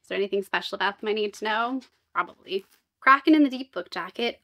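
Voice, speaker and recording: A young woman vlogging a book box unboxing, reading blurbs aloud and reacting with excitable, gushing asides. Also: a little high, a little fast. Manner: excitable and gushing, with squealing outbursts and jokey asides. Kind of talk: casual unboxing chat mixed with read-aloud book blurbs.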